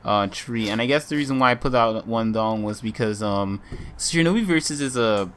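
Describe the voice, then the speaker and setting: A man's voice: mid-range voice, moderate pace, a bit bright, clean tone. A man co-hosting a casual gaming podcast, chatting in a rambling way with lots of ums. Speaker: podcast co-host.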